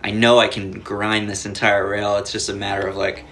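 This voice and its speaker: A man's voice: lowish voice, level tone, moderate pace, fairly bright tone, slight background noise. A young man telling a long story in casual chat, rambling with lots of filler words and cursing. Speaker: podcast guest.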